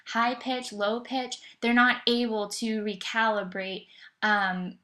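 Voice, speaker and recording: A woman's voice: mid-range voice, fairly bright tone. Woman narrating an educational slideshow. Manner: explanatory, occasional fillers and self-corrections.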